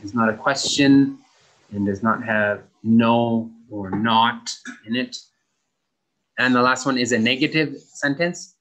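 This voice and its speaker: Man, English teacher, slow unhurried pace, careful explaining, repeats instructions for children. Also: mid-range voice, a bit bright. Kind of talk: recorded online lesson.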